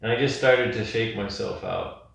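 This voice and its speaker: Male yoga instructor, calm gentle cues, storytelling, somewhat low voice, big echo, mic far away. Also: moderate pace, creaky. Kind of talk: guided yin yoga class with storytelling. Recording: echoey room, distant mic.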